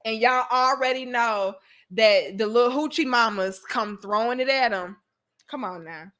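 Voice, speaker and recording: A woman host giving casual commentary straight to her viewers. Her voice is high and bright. She talks slangy and blunt, teasing the audience and swearing freely. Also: moderate pace.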